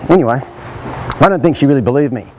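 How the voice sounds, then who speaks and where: A man's voice: medium pitch, lively intonation, fast talker, a little mellow, slight background noise, poor audio. A man, a horse trainer telling a story in a folksy, conversational way while demonstrating outdoors. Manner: folksy, conversational, checks in with listeners.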